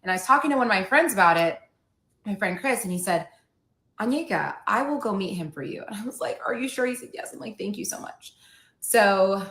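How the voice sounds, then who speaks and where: A woman's voice: mid-range voice, animated, a little fast, a bit bright. Woman telling a dramatic story, echoey room. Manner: candid, dramatic retelling with quoted dialogue. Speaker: podcast host. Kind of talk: storytime podcast.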